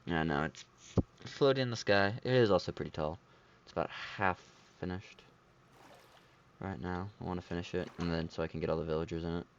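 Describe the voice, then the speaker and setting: A man's voice: low-pitched, a little fast, muffled recording, slight background noise. A man giving casual, rambling commentary while playing a video game, talking half to himself. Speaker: let's play host.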